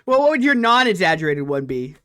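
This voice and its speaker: A woman's voice: fairly low pitch, sing-song, fast talker, fairly bright tone. Giggly woman hosting a chat stream. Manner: giggly, laughs often. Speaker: stream host. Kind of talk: casual chat.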